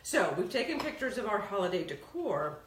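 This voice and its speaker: Woman host sharing tips, really animated up and down voice, laughs a lot, roomy far-off sound. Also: medium pitch, a little fast, slight background noise. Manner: lively, laughs often, animated storytelling. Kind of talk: casual chat with organizing tips. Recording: echoey room, mic at a distance.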